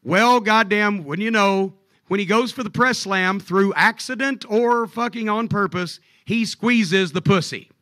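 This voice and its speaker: A man telling profane stories on stage at a live comedy club show, animated and jokey. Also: high-pitched, measured pace, no echo.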